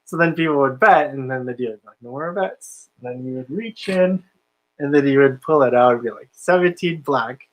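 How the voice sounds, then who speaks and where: A man's voice: medium pitch, fast talker, poor audio. A man hosting a casual podcast about casino games, laid-back and laughing often, with lots of filler words. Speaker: podcast host, casino dealer. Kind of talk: casual chat.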